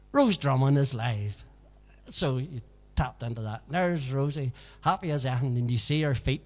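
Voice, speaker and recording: Backing music and long reverb surround a medium-pitched, slightly mellow male voice. He's streaming live music casually from his house in a village, making folksy small talk and adding "so it did" to his sentences.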